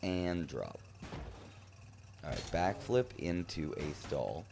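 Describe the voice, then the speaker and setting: A man's voice: low-pitched, very animated, takes it slowly, vocal fry, noisy background. A man casually commentating his own gameplay on a live stream, playfully teasing his chat. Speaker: gaming streamer.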